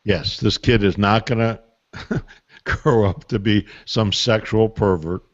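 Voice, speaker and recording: An older man answers parenting questions in a folksy, storytelling way and leans on emphatic asides. His voice sits low and sounds close and dry. The call audio is muffled. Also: slow pace, no room sound. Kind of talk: call-in Q&A advice.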